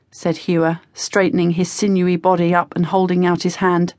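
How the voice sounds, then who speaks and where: A woman's voice: lowish voice, flat delivery, normal speed, hardly any pauses, a little mellow, no room sound, clean studio sound. Woman narrating a teen novel. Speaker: audiobook narrator. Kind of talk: scripted narration.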